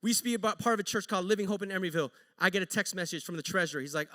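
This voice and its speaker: High-voiced pastor dude telling a story, jokey and animated, bright tone, big echoey church. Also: male voice, very fast. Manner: animated, joking, conversational. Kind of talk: sermon storytelling. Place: church sanctuary.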